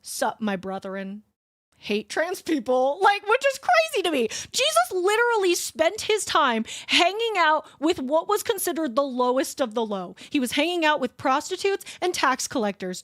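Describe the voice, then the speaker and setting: Young woman streamer, high lively voice, rambling and swearing, dry close sound. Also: no echo. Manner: rambling, swearing, laughing, frequent restarts. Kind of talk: casual streaming chat.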